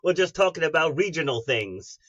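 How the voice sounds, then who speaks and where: Husky guest on a dull, dry line. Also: male voice, a little high, big pitch swings, fairly quick, a bit bright, no room sound. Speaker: guest coach. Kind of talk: casual interview chat.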